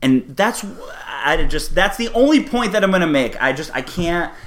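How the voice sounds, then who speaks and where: A man's voice: a little high, expressive, normal speed. A man co-hosting a casual sports talk show, arguing his point and telling long mocking hypotheticals.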